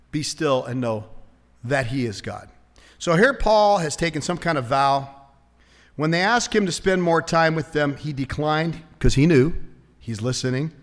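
A man with a fairly high voice preaches to his congregation, talking conversationally and sometimes dropping almost to a whisper. His words ring out with a long echo, as if through a large sanctuary. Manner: conversational and animated, dropping to a hush for prayers. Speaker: pastor. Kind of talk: sermon.

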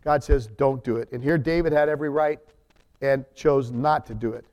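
In a lo-fi recording, a man delivers a sermon as pastor, reading from scripture before breaking it down in everyday language. His mid-range voice moves at normal speed, swinging from sudden emphatic rises to soft drops.

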